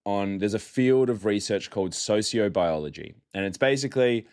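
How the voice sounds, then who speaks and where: A man's voice: on the low side, normal speed, a little mellow, smooth. A young man hosting a podcast alone, chatty and mocking, often laughing as he talks. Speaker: podcast host. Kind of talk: casual solo podcast monologue.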